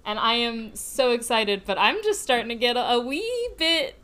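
A young woman co-hosting a podcast in loose, casual chat. Her voice is bright and smooth, sitting a little high. She talks fast and giggles a lot, often laughing at herself. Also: animated. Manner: giggly, chatty, self-deprecating. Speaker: podcast co-host.

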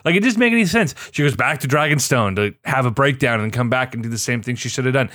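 A man's voice: medium pitch, animated, fast, a bit bright, dry recording, studio quality. A man in a casual chat, ranting with heavy swearing and exasperation.

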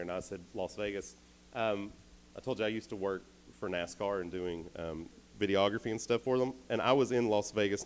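In an indoor camp meeting hall, a slightly tired youth camp speaker gives a relaxed sermon, telling chatty, self-deprecating stories. He has a low voice. The audio is poor, with a little hiss or hum.

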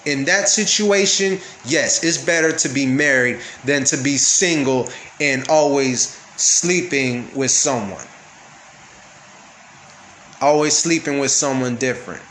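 In an echoey room with faint background noise, a man with a medium-pitched, fairly bright voice runs a casual Bible study, reading verses aloud, explaining them, and frequently checking in with his listeners.

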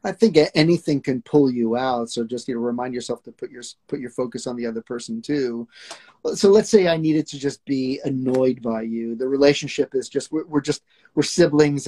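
A man's voice: mid-range voice, mellow. A man who is an acting coach, earnestly explaining technique in a casual chat and acting out examples. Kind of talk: casual live discussion.

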